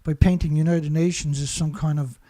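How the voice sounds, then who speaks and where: In a warm, steady voice that is a little high, a male show host rants a little fast through an insult-laden, angry monologue. He circles back to the same lines repeatedly.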